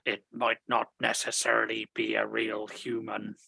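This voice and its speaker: A man's voice: lowish voice, completely flat delivery, moderate pace, gravelly, pushed and bright, husky. A man playing a tabletop game, speaking in short, matter-of-fact remarks. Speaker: player. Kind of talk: casual talk in a tabletop game.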